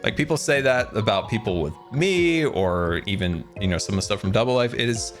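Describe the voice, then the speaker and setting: A man's voice: on the low side, animated, a little fast. A man streaming a game, chatting casually and rambling, self-deprecating, with many fillers. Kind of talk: casual game livestream chat. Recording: music playing behind the voice.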